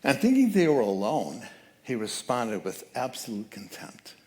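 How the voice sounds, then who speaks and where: A man giving a sermon as guest speaker at a church, telling a story with lively changes of voice. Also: medium pitch, moderate pace. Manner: animated storyteller, acts out quoted voices. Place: church sanctuary.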